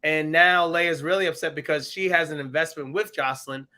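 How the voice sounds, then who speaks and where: A man co-hosting a podcast, recapping a TV episode in casual, animated chat and slipping into voices for the characters. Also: a little high, fairly quick. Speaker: podcast co-host.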